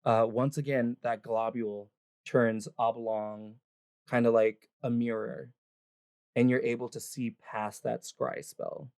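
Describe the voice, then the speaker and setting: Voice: mid-range voice, little pitch movement, slow pace, vocal fry, a little mellow, no room sound, clean studio sound. A game master narrating a livestreamed tabletop session in a loose, chatty way full of fillers. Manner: casual, filler-heavy narration with laughs and swearing. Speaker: dungeon master.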